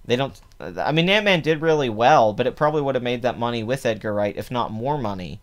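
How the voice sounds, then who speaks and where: Guy talking box office numbers, opinionated, rambly, lots of ums and restarts, mid pitch. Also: lively intonation, brisk. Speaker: podcast host. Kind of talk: casual box office commentary.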